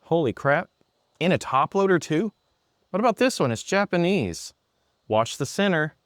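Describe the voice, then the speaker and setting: A man presenting an app in a product demo, talking excitedly and a bit sarcastically in an indoor room. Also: a little high, normal speed, no echo, studio quality.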